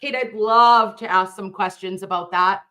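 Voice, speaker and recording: A woman's voice: mid-range voice, fairly even intonation, moderate pace, pushed and bright. Fervent woman livestreamer. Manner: fervent, emphatic, repeats phrases. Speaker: livestream host reading viewer comments. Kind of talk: impassioned livestream commentary.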